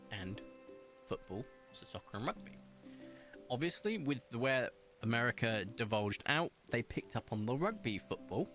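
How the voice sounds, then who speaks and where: A British man chatting his way through a game stream, his pitch swinging up and down as he rambles and laughs. He reads viewer comments aloud in a loose, friendly way. Quiet game music plays underneath. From Britain. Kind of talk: casual live-stream chat while gaming.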